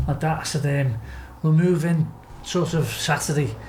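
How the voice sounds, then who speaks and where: A man's voice: a little high, normal speed, darkish tone, reverberant, a little hiss or hum, rough recording. A Scouse man from Liverpool telling a wild story as a podcast guest, laughing often, swearing freely and acting out what people said. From Liverpool, England. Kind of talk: casual anecdote telling.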